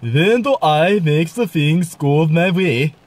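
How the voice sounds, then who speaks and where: Man doing a boastful, slow Swedish baker, high and loud. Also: expressive. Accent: Swedish put on.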